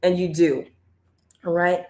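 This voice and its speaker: A woman coaching viewers on a live stream, chatty and energetic, calling the audience y'all. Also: fairly low pitch, unhurried, roomy sound. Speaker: online business coach.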